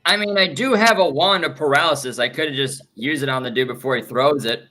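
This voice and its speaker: A man's voice: fairly high pitch, brisk, bright, forceful tone. A man playing in a tabletop game, joking crudely and cursing in casual banter. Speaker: player.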